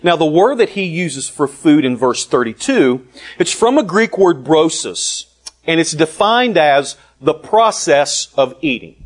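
A man preaching a sermon, deliberate and emphatic, with long pauses. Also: a little high, big pitch swings.

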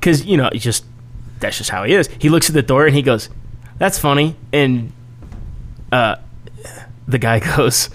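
A man's voice: mid-range voice, normal speed, long pauses. Crude, laughing male podcast co-host. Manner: animated storyteller, swears freely, laughs often. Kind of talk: casual crude banter.

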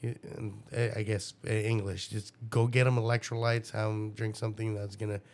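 A young man, a father, telling a story in a casual interview, profane and animated. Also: fairly low pitch, a little fast. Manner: profane, animated, acts out his own past dialogue.

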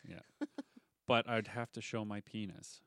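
A man's voice: on the low side, fairly even intonation, unhurried, fairly bright tone, dry recording, studio quality. A young man co-hosting a podcast in casual, joking chat, rambling and laughing. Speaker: podcast co-host.

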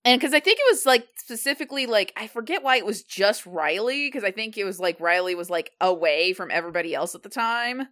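Bright-voiced woman, chatty with lots of "like". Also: mid-range voice, lively intonation. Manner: chatty, leans heavily on "like", quick asides. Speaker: podcast co-host. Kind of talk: casual chat.

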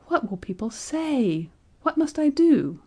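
A woman voicing a nervous, frantic gentleman and new father, hurried and flustered in his speech. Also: mid-range voice, very animated, pitched above the performer's own voice. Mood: horrified.

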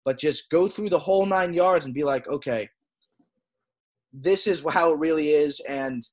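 A man co-hosting a podcast, talking in a halting way with frequent "uh" and "I mean". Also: on the high side. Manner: halting, with many "uh" and "I mean" restarts. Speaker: podcast co-host. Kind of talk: casual podcast chat.

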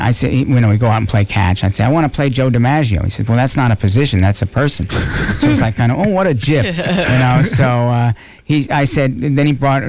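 A man's voice: medium pitch, a little mellow. A man in his fifties with a New York accent, a guest telling jokey anecdotes in a casual radio interview. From New York (Bronx). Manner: storytelling, jokey asides. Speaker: actor and author guest.

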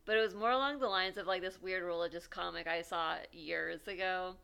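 Bright, clear-voiced chatty woman. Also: on the low side, steady tone, brisk. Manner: chatty, rambling storyteller. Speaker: podcast co-host. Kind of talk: casual chat.

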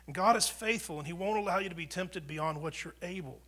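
A pastor preaching a conversational sermon, swinging from loud proclamation down to near whispers, often repeating and restarting words. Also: male voice, high-pitched, fairly quick. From United States.

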